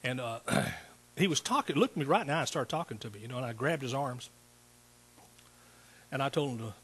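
A middle-aged man preaching a sermon in a church, telling stories in a folksy, animated way and acting out what people said. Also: medium pitch, fast, slightly rough. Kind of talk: sermon with storytelling.

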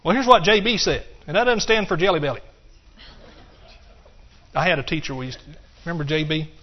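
In a fairly high voice and a brisk delivery, a pastor preaches to his church, emphatically working up to cries of hallelujah. It's a muffled, lo-fi sermon recording.

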